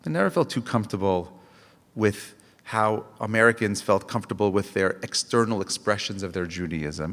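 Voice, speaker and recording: A man's voice: on the low side, animated, fairly quick, vocal fry, a bit bright. Impassioned rabbi man in a reverberant hall. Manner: impassioned, full of rhetorical questions; storytelling with frequent restarts. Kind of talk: Tisha B'Av lecture.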